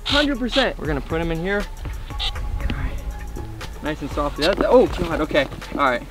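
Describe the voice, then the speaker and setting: A soft-spoken man talks gently and casually during a fishing outing. His voice sits a little high for a man. Music plays clearly in the background. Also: very animated, moderate pace. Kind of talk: casual vlog talk.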